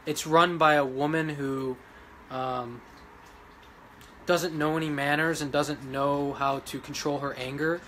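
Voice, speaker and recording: A man who runs a dog rescue, ranting emotionally to his followers, pleading one moment and shouting defiance the next. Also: fairly high pitch, fairly even intonation, measured pace, a little hiss or hum. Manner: agitated, pleading, swings between quiet and loud. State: emotional after crying. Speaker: vlogger running a dog rescue.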